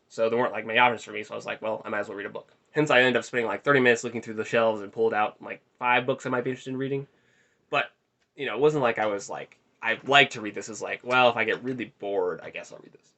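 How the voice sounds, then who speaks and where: A man's voice: mid-range voice, bright, forceful tone. A young man telling a rambling, self-deprecating story in a casual vlog, recorded in his bedroom. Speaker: vlogger.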